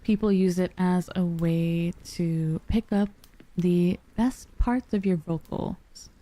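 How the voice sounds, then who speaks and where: A woman streamer chatting softly and calmly on a dynamic mic, sounding sleepy and relaxed. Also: lowish voice, slow pace, dry recording. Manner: soft, sleepy and calm, yawning. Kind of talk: relaxed live-stream chat. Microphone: dynamic studio mic.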